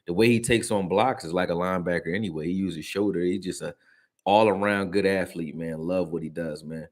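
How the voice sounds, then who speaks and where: A man with a low voice hosts a casual sports reaction stream. He talks in loose, slangy, conversational runs and answers his viewers between his own points. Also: a little fast, darkish tone. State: hiccups. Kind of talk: casual live-stream commentary.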